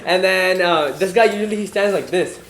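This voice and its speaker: A young man rattles off a spooky story in loose, slang-heavy chat, piling on "bro" and "like". His pace runs fast and his voice sits a little high. The room is echoey, with a faint hiss underneath. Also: fairly bright tone. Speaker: podcast co-host.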